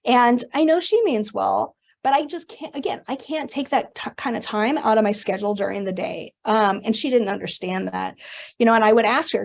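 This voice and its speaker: A fairly high-voiced middle-aged woman leads a webinar and talks straight to her audience. She tells her stories with animation and drops in casual asides as she goes. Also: a little fast, gravelly. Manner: animated storytelling with conversational asides. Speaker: workshop presenter. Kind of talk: webinar presentation.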